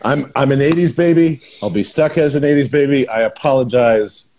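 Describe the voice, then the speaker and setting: A man's voice: mid-range voice, brisk, a little mellow, slight background noise. A man in his thirties hosting a casual podcast chat, joking with frequent movie references. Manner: laughs often, jokey, pop culture references.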